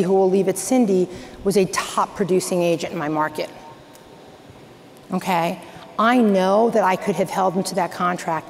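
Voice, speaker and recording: A woman giving an energetic, direct coaching talk to a live audience from a stage, telling anecdotes. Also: medium pitch. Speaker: real estate coach speaker. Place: large hall on stage. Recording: echoey hall, faint background noise.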